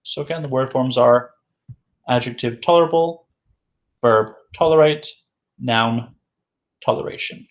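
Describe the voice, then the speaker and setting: Man slowly drilling English vocabulary. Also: medium pitch. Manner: slow, repetitive, drills each word several times; asks questions and answers them himself. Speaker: English teacher. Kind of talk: recorded vocabulary lesson.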